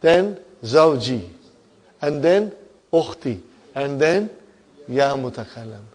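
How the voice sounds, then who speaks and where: Guy teaching arabic grammar to a class, slow and patient, keeps checking in with students. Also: mid-range voice, expressive, darkish tone.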